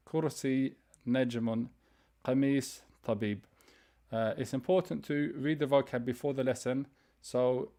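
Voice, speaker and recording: A man teaching an online beginner's language class, explaining grammar step by step and reading vocabulary slowly for students to repeat. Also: medium pitch, a little mellow. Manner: explains step by step, reads words slowly for repetition; frequent fillers and restarts, conversational. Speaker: Arabic teacher.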